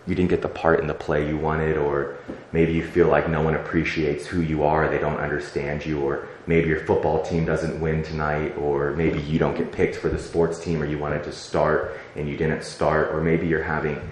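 A young man with an extremely deep voice delivers a sermon in a loose, conversational way, full of fillers and acted-out prayers. He sounds like he's in a reverberant church sanctuary with a faint hum of room ambience behind him. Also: little pitch movement, normal speed. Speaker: pastor.

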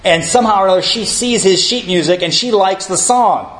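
Middle-aged male preacher, slightly high-pitched, chatty storytelling sermon building to emphatic points. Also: brisk, fairly bright tone, low-quality recording. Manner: conversational storytelling preacher, rising to emphatic lists. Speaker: pastor.

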